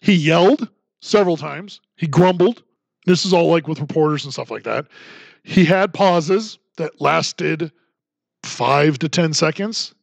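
A man's voice: fairly high pitch, a little slow, creaky, no room sound. Sarcastic man hosting a podcast. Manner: sarcastic, mocking. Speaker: podcast host. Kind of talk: political commentary podcast.

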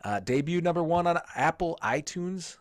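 A man's voice: on the high side, animated, normal speed, no echo, clean studio sound. A man hosting a podcast in casual chat, chatty and laughing between his words. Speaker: podcast host.

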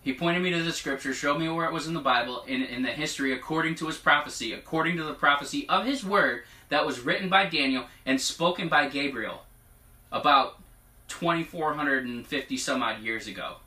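A man preaching informally, reading scripture aloud in a chatty way, often laughing and at times turning hushed and emotional. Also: on the high side, fairly quick. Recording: echoey room, mic at a distance.

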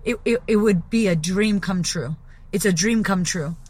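A woman talks straight to her listeners in a solo podcast monologue, blunt and fired up. She coaches business owners and drops swear words freely to hammer her points home. Her voice sits at an ordinary middle pitch for a woman. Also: moderate pace, a little mellow, husky.

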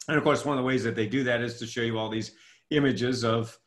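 Man, middle-aged, animated, coaching author, interview talk, acts out dialogue. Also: medium pitch, quick pace. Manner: animated storytelling, acts out his own past dialogue. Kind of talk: interview conversation.

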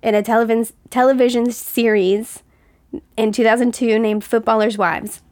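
A woman's voice: a little high, little pitch movement, moderate pace, darkish tone, no room sound, clean studio sound. A woman co-hosting a casual chat, telling stories in a chatty way and laughing often. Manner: giggly, chatty storyteller. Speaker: co-host.

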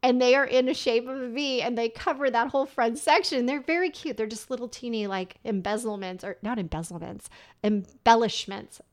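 A woman's voice: a little high, fairly quick. A woman hosting a podcast, telling a funny personal story in a chatty way and laughing along as she goes. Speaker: podcast host.

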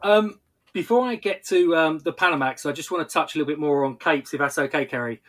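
Bright, tense-toned male market analyst. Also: on the high side. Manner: measured, explanatory, occasional stumbles and restarts. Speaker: technical analyst.

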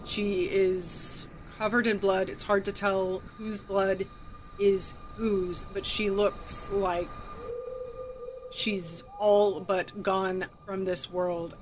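A woman's voice: medium pitch, steady tone, slow pace, background noise. A woman narrating as game master of a tabletop role-playing game, who talks hesitantly with many fillers and restarts.

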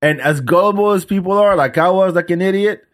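A man hosting a podcast in casual chat, telling stories and acting out phone calls in an animated way. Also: sits high, fairly quick. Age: adult with young son. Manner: animated storyteller, acts out calls. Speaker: podcast host.

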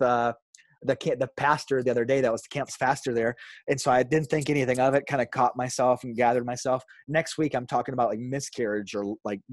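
A man in his thirties, a pastor, talking through stories in a relaxed interview. He jumps into voices when he quotes people and laughs easily as he goes. His voice sits mid-range and sounds close and dry, with no room around it. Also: medium pitch, no room sound. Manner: animated storyteller, acts out quotes, laughs often. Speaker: pastor and author, podcast guest. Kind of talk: casual storytelling interview.

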